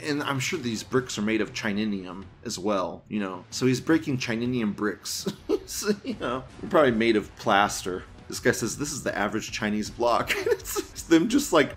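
A man's voice: lowish voice, a bit bright. A man hosting a commentary show, reading viewer comments aloud and reacting in a crude, mocking way with frequent laughter. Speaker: host of a news commentary show.

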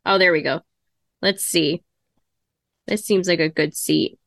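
A woman's voice: on the low side, fairly even intonation, unhurried, gravelly, a bit bright, no echo. A woman co-hosting a podcast in casual chat, thinking aloud as she goes. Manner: chatty, thinks aloud while browsing ticket sites. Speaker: podcast co-host.

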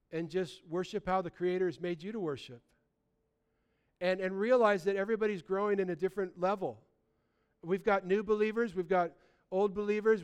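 A man preaching a sermon in a lively, conversational way, often restarting his sentences. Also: high voice, clean tone. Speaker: pastor.

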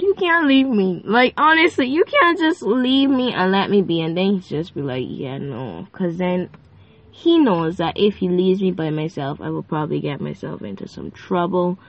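A chatty woman rambles through a casual faith-based podcast, full of fillers and playful asides. Her voice sits a little low for a woman. The sound is dull and lo-fi, as if recorded on a phone. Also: no room sound. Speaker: podcast host.

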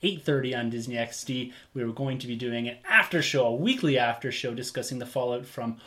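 A man's voice: mid-range voice, fairly quick, sharp tone. A man from Canada hosting a casual podcast, upbeat as he runs through show news. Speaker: podcast host.

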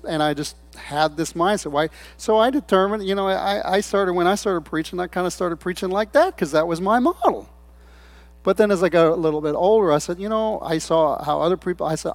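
A man's voice: a little high, moderate pace, dry recording. A man preaching a sermon in a loose, conversational way, telling stories and quoting people in different voices. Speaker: pastor.

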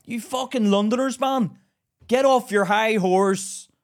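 A man co-hosting a podcast, telling rants in an animated, profane way in casual chat. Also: high voice, a little slow. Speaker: podcast co-host.

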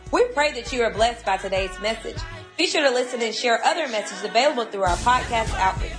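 A woman reading a calm scripted closing announcement for a ministry. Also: a little high, brisk, music in the background.

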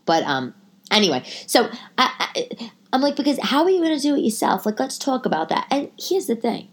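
A middle-aged woman hosting a podcast, telling a long story in a chatty, animated way with lots of restarts. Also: sits high, fairly quick. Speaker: podcast host. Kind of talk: casual storytelling monologue.

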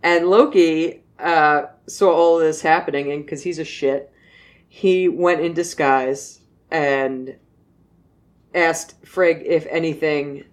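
Low-voiced woman, jokey storyteller. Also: steady tone, slow. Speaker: podcast host retelling myths. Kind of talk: casual chat.

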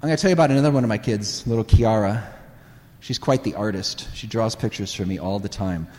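A man preaching a sermon, telling animated family stories and laughing often. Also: on the low side, fast talker. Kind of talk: sermon storytelling. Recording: reverberant hall.

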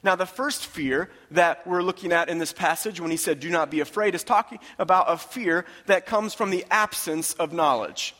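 A man's voice: high voice, moderate pace, hardly any pauses, pushed and bright, in a large hall. A man preaching a sermon, talking in a conversational, emphatic way and repeating his phrases for weight. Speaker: pastor.

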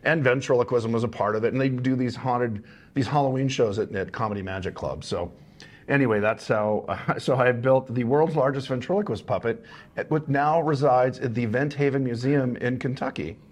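A man's voice: mid-range voice, normal speed. A sleep-deprived man telling rambling anecdotes with frequent chuckles as a guest in a casual interview. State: tired, short on sleep.

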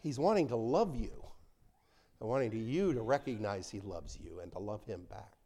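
A man preaching a conversational sermon to a congregation in a church, swinging between loud emphasis and soft asides. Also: lowish voice, lively intonation, normal speed.

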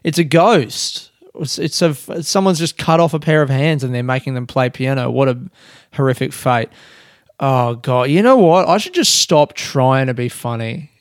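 A man's voice: mid-range voice, normal speed, dry recording, clean studio sound. A man hosting a casual solo podcast from his room, rambling, joking at his own expense and swearing freely. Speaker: podcast host and comedian. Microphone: desk podcast mic.

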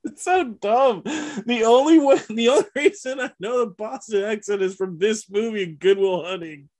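A man's voice: sits high, normal speed, darkish tone. A young man co-hosting a movie podcast, teasing and joking with his partner. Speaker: podcast co-host. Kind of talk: casual movie podcast chat.

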